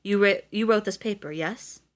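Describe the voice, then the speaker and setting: A woman's voice: mid-range voice, moderate pace, natural voice. A woman reading aloud as a poised middle-aged female official who speaks in a cool, direct way. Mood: cool, businesslike.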